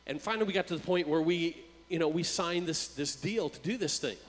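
A man who works as a youth worker, preaching in a relaxed, conversational storytelling way and often repeating words as he starts a phrase. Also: on the high side, brisk, long reverb tail, poor audio. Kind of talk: storytelling sermon.

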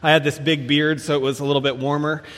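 A man delivers a sermon in a measured, emphatic manner, slowing down to land his key phrases. His voice sits a little high for a man. A long reverb trails each line through the hall. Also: flat delivery, a bit bright. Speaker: preacher.

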